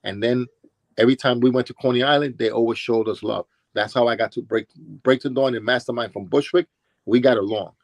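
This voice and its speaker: A man with a New York accent spins loose, rambling stories from the old days, starting over mid-sentence and quoting people as he goes. His voice sits at an ordinary middle pitch. The recording is close and dry, with almost no room sound. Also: steady tone, fairly quick, no room sound. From Brooklyn, New York. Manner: rambling, with restarts and acted-out quotes. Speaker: interviewee, former b-boy. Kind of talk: casual storytelling interview.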